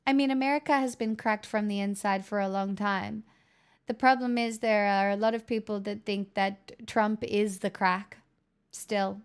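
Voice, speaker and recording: Woman host chatting with her stream, reading comments out, smooth clear voice. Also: medium pitch, fairly even intonation, normal speed. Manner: chatty, reads and answers viewer comments. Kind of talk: casual live-stream chat.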